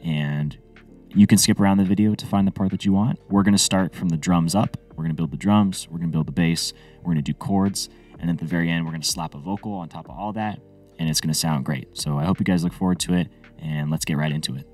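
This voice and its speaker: A man's voice: deep voice, fast, a little mellow, distant mic. A man and music producer talking through a tutorial step by step in an easygoing way. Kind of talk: screen-recorded tutorial walkthrough.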